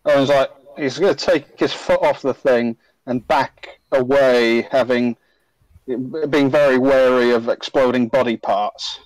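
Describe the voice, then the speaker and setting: A male tabletop player describing what his character does in the third person, at an unhurried pace. His voice is mid-pitched and sounds dry and close. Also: no room sound, low-quality recording. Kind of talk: casual tabletop play.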